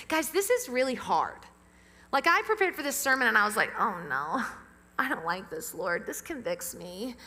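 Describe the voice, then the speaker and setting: A woman pastor preaching a sermon to a church congregation, lively and engaging them with questions. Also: high-pitched. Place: church sanctuary with amplified sound. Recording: long reverb of a church hall.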